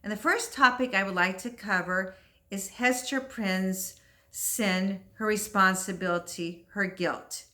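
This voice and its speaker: A middle-aged woman teacher giving a clear, deliberate literature commentary for English learners. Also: mid-range voice, pushed and bright. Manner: slow, clear, deliberate explaining.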